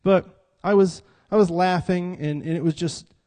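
Joking through an interactive sermon, a man with a high-pitched, warm, steady voice speaks at a moderate pace. He labels himself a cut-up and prompts the congregation to say lines back to him.

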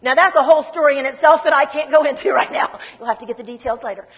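A woman telling her testimony in a sermon, in an animated, emphatic storytelling manner. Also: sits high, fast talker, long reverb tail. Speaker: speaker giving testimony.

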